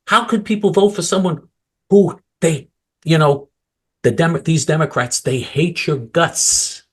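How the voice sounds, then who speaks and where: A male political commentator ranting angrily and mockingly, swinging from loud outbursts to low mutters. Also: expressive, a little slow, breathy edge.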